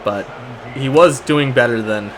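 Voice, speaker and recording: A man narrating his football video game in a casual, exasperated running commentary, groaning at his own team's mistakes. His voice sits at an ordinary middle pitch, and there is a steady hiss of noise behind him throughout. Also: measured pace. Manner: exasperated, sarcastic play-by-play with frequent restarts. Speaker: gaming YouTuber.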